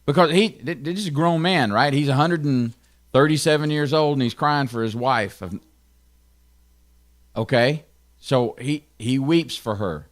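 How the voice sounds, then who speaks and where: Male pastor, Tennessee accent, mid pitch, relaxed conversational Bible teaching, quick asides. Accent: Southern US, Tennessee. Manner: chatty, checks in with listeners, quick asides.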